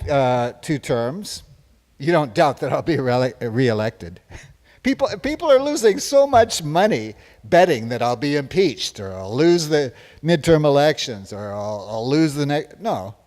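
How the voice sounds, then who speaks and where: Very animated yet unhurried, this stage performer uses a slightly high, somewhat mellow voice to play a boastful hippie president in a one-man parody. He rambles and heaps praise on himself while answering audience questions, the live stage adding a long reverb.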